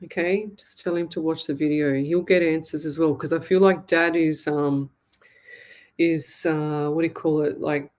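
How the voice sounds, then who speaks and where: An Australian woman hosting a live psychic reading, speaking in a sympathetic, halting way and repeating herself often. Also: low voice, a little mellow. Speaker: psychic medium host.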